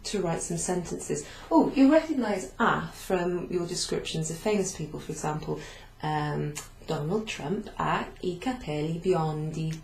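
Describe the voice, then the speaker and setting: Hers is a fairly low, gravelly, slightly mellow voice with lively intonation. She speaks unhurriedly but with hardly any pauses as she patiently recaps a beginner Italian class, repeating phrases and writing on a whiteboard, sometimes turning away, in an echoey room with a faint hum.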